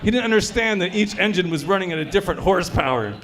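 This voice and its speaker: Speaking fast with lively intonation and a fairly bright tone, a high-voiced man does stand-up at a brewery showcase. His material is crude and conversational, and he keeps checking in with the audience.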